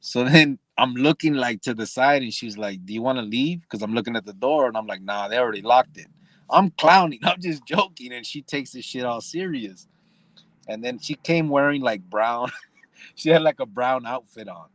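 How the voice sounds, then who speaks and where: A man's voice: medium pitch, lively intonation, moderate pace, a bit bright, dry recording. A man hosting a podcast, telling a story from prison in a casual, profane, joking way and laughing often. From Arizona. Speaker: podcast host.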